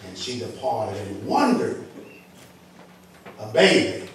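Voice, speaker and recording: A man with a Southern US accent preaches in a church, his delivery unhurried and measured, lifting into emphatic lines. He sounds set back from the microphone, and his words ring through a very echoey sanctuary with faint noise underneath. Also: mid-range voice, huge pitch swings. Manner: slow, measured scripture reading rising into emphatic preaching. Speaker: pastor. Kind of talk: sermon. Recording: echoey hall, distant mic.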